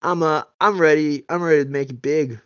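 A man playing a cocky bro skier, smooth-voiced. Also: on the high side, fairly even intonation, brisk, dry recording, highs cut off, close to an everyday voice. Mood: boastful. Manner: slangy surfer-bro drawl, boastful. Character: dim-witted cocky young male bro skier. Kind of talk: improv comedy character.

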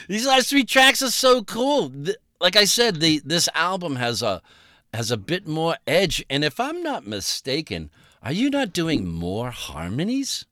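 A man's voice: on the high side, huge pitch swings, measured pace, sharp tone, no room sound, clean studio sound. A man hosting a casual podcast interview, joking and rambling as he talks. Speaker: podcast host.

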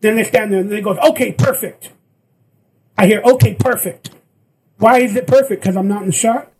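A man's voice: sits high, fast talker, slight background noise, poor audio. A man telling a story in casual chat, acting out the lines of the people in it. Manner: animated, acts out quoted lines. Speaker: guest actor.

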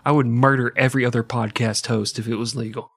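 A man hosting a podcast, telling a history story casually, with sarcastic, profane, deadpan jokes. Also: medium pitch, fast, creaky, husky, dry recording, clean studio sound. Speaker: podcast host.

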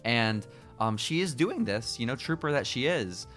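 A man's voice: medium pitch, very animated, normal speed, fairly bright tone, soft background music. A young man casually recapping a movie plot on a podcast, loose and profane. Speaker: podcast co-host. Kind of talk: casual chat.

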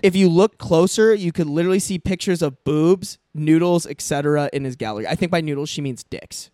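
A man's voice: a little high, brisk, dark tone, dry recording, studio quality. A young man co-hosting a podcast in casual chat, crude and joking and laughing often. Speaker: podcast co-host.

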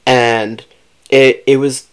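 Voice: mid-range voice, little pitch movement, takes it slowly, clean tone. A podcast co-host chatting casually about a book, with lots of fillers and acted-out quotes.

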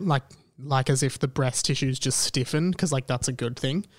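A man's voice: fairly high pitch, a little fast, no room sound, clean studio sound. A young man hosting a podcast, telling a personal story in a casual, rambling, self-deprecating way and acting out the people in it. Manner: rambling, self-deprecating, animated retelling with quoted dialogue. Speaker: podcast host.

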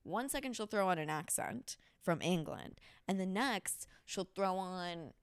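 A woman hosting a casual podcast, telling a story in a blunt, profane, animated way. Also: lowish voice, measured pace, clear, resonant tone, dry recording, studio quality. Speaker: podcast host.

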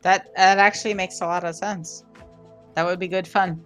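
A woman co-hosts a casual gaming podcast in a lowish voice. She sounds laid-back, laughs easily and drops the odd swear. Faint music sits under the talk. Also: fairly even intonation, moderate pace, fairly bright tone. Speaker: podcast co-host.

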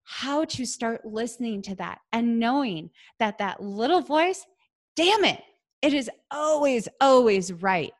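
A woman from the Midwest, hosting a casual solo podcast in a chatty, earnest way, with lots of "like.". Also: mid-range voice. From American Midwest. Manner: chatty and earnest, heavy use of "like". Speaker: podcast host.

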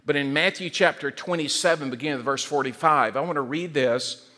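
A man preaching a sermon as pastor, animated, often repeating words and acting out quoted voices. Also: on the high side, fairly quick.

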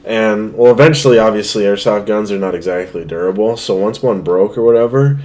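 A man's voice: fairly low pitch, brisk, darkish tone. A man co-hosting a podcast, telling a childhood story in casual chat and laughing through it. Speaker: podcast co-host.

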